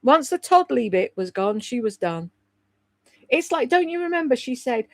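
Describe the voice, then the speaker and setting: A woman's voice: fairly high pitch, lively intonation, normal speed, creaky, a little mellow, no room sound. A woman hosting a livestream, gossiping bluntly, swearing freely and answering viewers' comments by name. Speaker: livestream host. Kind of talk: casual gossip chat reading viewer comments.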